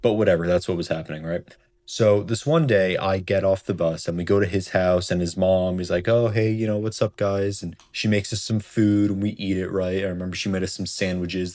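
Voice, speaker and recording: A young man with a very low voice tells a childhood story straight to camera. He rambles in a loose, casual way and keeps dropping "like" and "right?" into his sentences. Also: fairly even intonation, normal speed, a little mellow. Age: young adult. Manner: rambling, heavy on fillers like "like" and "right?". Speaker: storytime vlogger.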